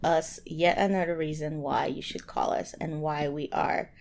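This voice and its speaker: A woman's voice: sits low, fairly even intonation, moderate pace, creaky, darkish tone. Playful American woman co-host. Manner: playful, teasing, jokes and laughs. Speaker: podcast co-host. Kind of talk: casual chat.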